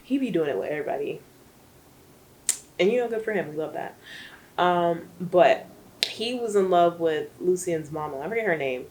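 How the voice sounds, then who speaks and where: A woman's voice: lowish voice, expressive, moderate pace, long pauses, darkish tone, slight background noise, low-quality recording. A young woman rambling through a casual book recap, full of fillers and asides. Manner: rambling, chatty, many fillers. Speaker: book vlogger.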